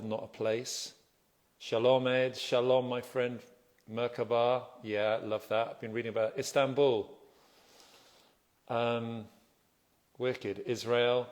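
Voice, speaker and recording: A man hosting a casual phone livestream from home. He chats in a relaxed, soft-spoken, self-deprecating way, greeting viewers and reading out their comments. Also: medium pitch. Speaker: livestream host.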